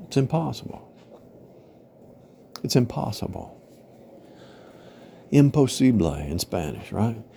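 Low, mellow-voiced man rambling through a parable. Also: moderate pace, a little hiss or hum. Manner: rambling, repetitive, parable-style with frequent "right?" and "you know?". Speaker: religious teacher. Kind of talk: informal spiritual teaching monologue.

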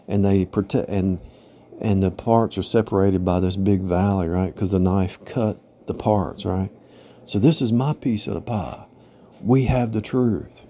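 Guy with a low mellow voice rambling thru a spiritual talk, keeps saying right? you know? faint hiss behind. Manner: rambling, repetitive, parable-style with frequent "right?" and "you know?". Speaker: religious teacher. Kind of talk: informal spiritual teaching monologue.

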